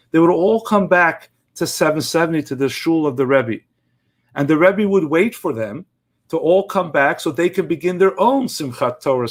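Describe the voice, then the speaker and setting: Man, inspirational storyteller, earnest emphatic delivery, slightly high voice. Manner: earnest, emphatic, measured phrasing. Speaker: inspirational speaker.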